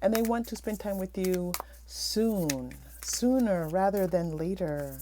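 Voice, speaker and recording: A woman with a stuffy, nasal voice from a cold, giving a gentle, reassuring pick-a-card tarot reading. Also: medium pitch, expressive, slow, few pauses, a little hiss or hum. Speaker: tarot reader.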